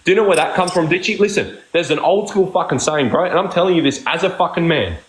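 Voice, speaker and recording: A man on a live stream, talking in a slightly high voice and swearing nonstop as he argues. He sounds combative and keeps ranting, and the room around him is echoey. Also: quick pace. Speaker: livestream streamer. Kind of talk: heated live-stream argument.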